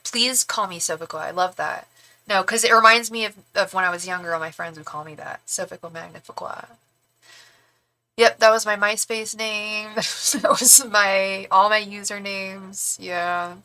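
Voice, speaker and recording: Bright-voiced woman tarot streamer. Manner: chatty, thanks donors, repeats questions to spirit guides in a low murmur. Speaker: tarot reader on a livestream. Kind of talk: casual livestream chat.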